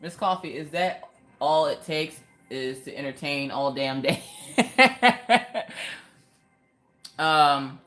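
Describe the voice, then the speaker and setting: A young woman with a low-pitched voice chats casually while crafting on a livestream from home. She rants in an animated way and breaks into sudden high exclamations. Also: measured pace, faint music behind. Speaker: livestream host.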